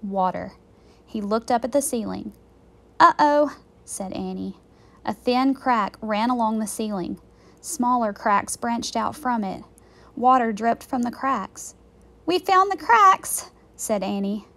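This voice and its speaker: A woman teacher reads a children's chapter book aloud to her class. She takes it slowly and clearly, with a voice set a little high. Her delivery is expressive, leaning into the tense moments.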